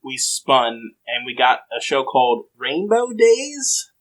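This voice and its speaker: A man's voice: medium pitch, very animated, slow pace, a bit bright, low-quality recording. A man co-hosting a review podcast in casual chat, easygoing and agreeable. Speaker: podcast co-host.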